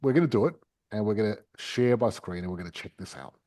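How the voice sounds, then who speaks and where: A man's voice: fairly low pitch, lively intonation, fast, mellow. A man hosting a property podcast, explaining investing step by step in a chatty, casual way. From Australia.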